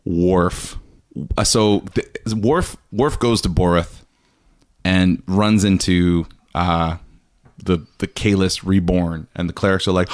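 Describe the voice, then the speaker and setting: A man's voice: sits low, fairly even intonation, takes it slowly. A man hosting a podcast, telling a story in casual chat and acting out jokey quotes. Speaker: podcast host.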